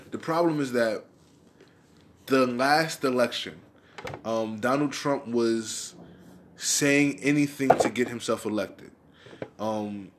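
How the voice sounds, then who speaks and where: Young man, profane heated rant, casual vlog delivery, middling pitch. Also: a little hiss or hum. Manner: profane, heated, rambling with restarts. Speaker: vlogger.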